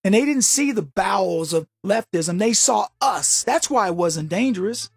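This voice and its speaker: Male talk radio host, sarcastic and animated, husky voice, dry studio sound. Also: high-pitched, normal speed, dry recording, faint music behind. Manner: animated, sarcastic rhetorical questions. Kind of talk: opinionated radio monologue.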